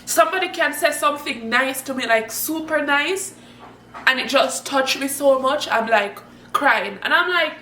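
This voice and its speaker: Chatty high-voiced woman vlogging at home. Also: measured pace, roomy sound, distant mic, slight background noise. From Jamaica. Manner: chatty, laughs often, swoops up high when excited. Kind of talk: casual chat to camera. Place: room at home.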